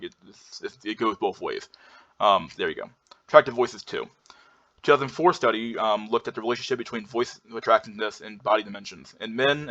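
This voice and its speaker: A man's voice: fairly low pitch, sharp tone. A man giving a casual talk over slides, rambling with lots of fillers and restarts. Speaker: presenter going through slides. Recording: dull lo-fi sound.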